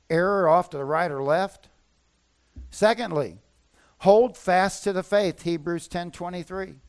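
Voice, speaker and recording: Higher-voiced man preaching emphatically. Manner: emphatic preaching, repeats key phrases. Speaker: pastor. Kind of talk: sermon.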